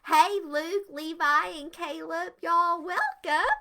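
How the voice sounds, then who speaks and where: A woman's voice: very high-pitched, slow, pushed and bright, slight background noise. An older woman, hosting a live etiquette show for kids and greeting viewers with bubbly enthusiasm. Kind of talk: live-stream lesson for kids.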